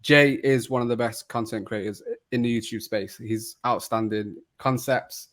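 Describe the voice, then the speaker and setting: A man hosting a casual kit-ranking chat, jokey and quick to laugh. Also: mid-range voice, fairly even intonation, fairly bright tone. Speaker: podcast host.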